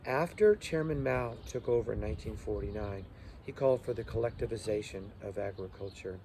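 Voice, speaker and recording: A man's voice: medium pitch, gravelly, warm tone, slight background noise. A male teacher giving a loose review lecture full of fillers, stopping to spell out terms letter by letter. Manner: loose, halting delivery with many fillers.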